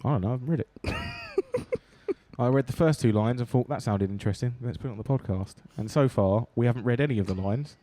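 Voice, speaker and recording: A man co-hosting a podcast, trading jokes and swearing through relaxed banter. His voice sits at a middle pitch but moves around a lot. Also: a little fast. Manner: joking, swearing, laid-back banter. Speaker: podcast co-host. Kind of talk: casual chat.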